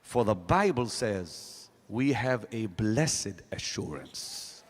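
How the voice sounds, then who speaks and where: A man preaching a sermon to a congregation, emphatic, swinging from loud rising questions to low quiet statements. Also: big pitch swings, slow, breathy edge, long reverb tail. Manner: emphatic preaching with sudden rises and drops. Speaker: pastor. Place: large hall.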